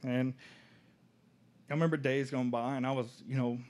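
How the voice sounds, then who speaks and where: A man's voice: mid-range voice, steady tone. Young man telling his story. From Oklahoma. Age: young adult. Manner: casual, halting, soft-spoken at moments. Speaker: student speaker. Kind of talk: personal testimony storytelling.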